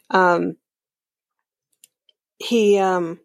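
A woman's voice: lowish voice, gravelly, no echo. A woman hosting a podcast, recapping a reality show in a chatty, rambling way with lots of fillers. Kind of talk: casual recap chat.

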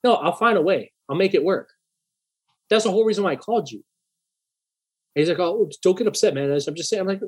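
A young man tells a story in a relaxed, profane way, and his voice jumps up when he acts out the argument. His voice sits a little high and sounds husky and breathy. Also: fairly quick, pauses often. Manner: profane, animated, acts out heated dialogue. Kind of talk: casual storytelling.

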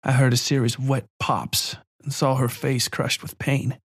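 A man narrating a first-person horror story in a measured, quiet, calm way. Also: mid-range voice, husky, dry recording, studio quality.

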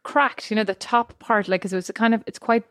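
A young woman co-hosting a casual chat, telling rambling, animated stories. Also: fairly high pitch, a little fast, dry recording, clean studio sound. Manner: chatty storytelling, animated and rambling.

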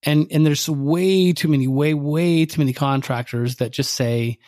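Male podcast co-host coaching contractors, loose rambling delivery, voice pitched a bit high. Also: fairly even intonation, normal speed, hardly any pauses, a little mellow. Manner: rambling, many fillers and restarts. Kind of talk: casual podcast conversation.

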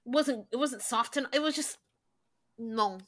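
Bright-voiced woman podcast co-host. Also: on the high side, unhurried. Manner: animated storyteller, mimics people she quotes. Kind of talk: casual chat.

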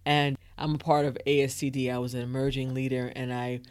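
A woman in her thirties, a guest in an interview, telling a personal story in a lively way and acting out her own thoughts and other people's words. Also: extremely low pitch, a little fast. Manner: lively, acts out inner thoughts and quotes.

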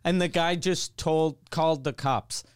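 A man's voice: fairly high pitch, fairly even intonation, a little slow, smooth, no room sound, clean studio sound. A man hosting a casual comedy podcast, telling profane, laughing anecdotes. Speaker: podcast host. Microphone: studio microphone.

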